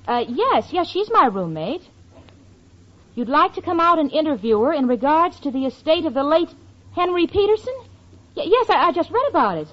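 An actress playing a sensible young working woman in a 1940s radio comedy, brisk and patient. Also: high-pitched. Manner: brisk, patient, slightly stammering. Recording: lo-fi old radio recording.

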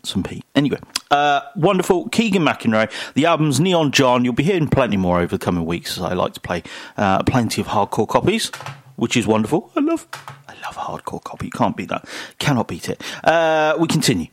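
A man's voice: mid-range voice, expressive, a little fast, no echo. A man presenting a radio show, chatting enthusiastically and rambling with many fillers between links.

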